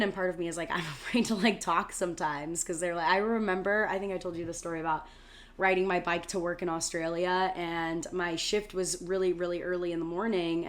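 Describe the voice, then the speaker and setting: An American woman co-hosting a podcast, chatting casually and telling animated stories, full of "like" fillers and casual swearing. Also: on the low side. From United States. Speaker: podcast co-host. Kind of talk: casual chat.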